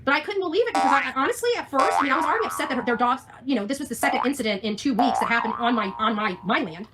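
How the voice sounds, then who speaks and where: Fast-talking rambling woman vlogger. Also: high voice, expressive. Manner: rambling, emphatic, many restarts. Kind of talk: casual storytelling to camera. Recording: loud music behind.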